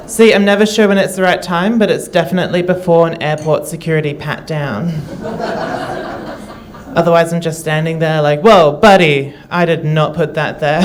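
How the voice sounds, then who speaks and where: A woman's voice: sits low, background noise. A trans woman from Rockingham with an Australian accent, doing a self-deprecating stand-up set and chatting with the audience. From Rockingham, Western Australia. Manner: self-deprecating, wry, chats with the crowd. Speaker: stand-up comic.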